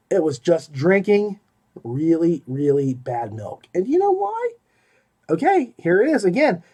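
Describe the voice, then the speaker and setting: Animated man reviewing gory books. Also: on the high side. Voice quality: animated, emphatic, swings between loud exclamations and mumbled asides. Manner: rambling and self-interrupting, with repeated 'okay?' and 'like'. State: hiccuping. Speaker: podcast host reviewing audiobooks. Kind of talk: casual spoken book review.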